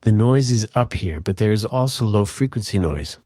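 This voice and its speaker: Man, low voice, dry close sound, calm step-by-step tutorial narration. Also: moderate pace, no echo. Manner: calm, methodical explaining. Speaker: audio repair tutor. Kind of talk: screen-recorded software tutorial.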